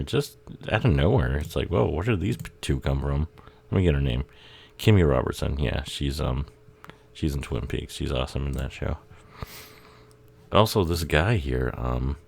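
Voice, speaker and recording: A man with an unusually deep, low voice talks through a movie in a loose, rambling way. He swears freely, chuckles often, and drifts off mid-thought before picking up again. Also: gravelly. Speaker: YouTube movie commentator. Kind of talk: casual rambling film commentary.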